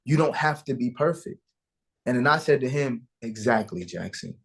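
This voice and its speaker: A man's voice: mid-range voice, lively intonation, normal speed, creaky, fairly bright tone, breathy edge. A man as an interview guest, earnestly and emotionally telling a personal story about fatherhood and acting out the dialogue.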